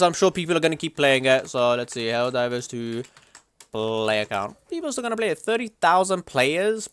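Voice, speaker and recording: A young man livestreaming, chatting casually and reacting to chat in a slangy, animated way. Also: mid-range voice, normal speed, smooth, no echo.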